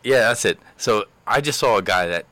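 A man's voice: on the low side, animated, moderate pace, sharp tone, dry recording. A young man, a musician hosting his vlog, chatting casually and laughing as he tells a joke. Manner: playful, laughs while telling a joke. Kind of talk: casual chat.

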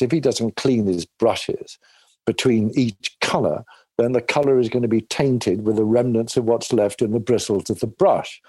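A man's voice: medium pitch, mellow, dry recording. English man, actor guest, rambling storyteller, dry close sound. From England. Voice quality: rambling storyteller with many restarts. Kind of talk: casual interview talk.

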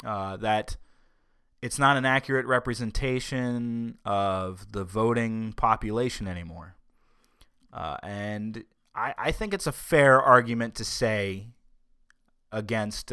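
A man's voice: lowish voice, fairly bright tone, smooth, no echo, studio quality. A man hosting a podcast, giving casual political commentary in a sarcastic tone and often stumbling over his words. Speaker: podcast host.

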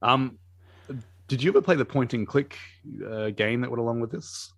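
A man's voice: mid-range voice, moderate pace, a bit bright, dry recording, clean studio sound. A man co-hosting a casual movie commentary chat, rambling with lots of fillers, restarts and laughter. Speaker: podcast co-host.

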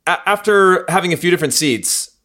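A man co-hosting a sports podcast in a relaxed, joking chat. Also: high-pitched, a little fast. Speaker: podcast co-host. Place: clubhouse room.

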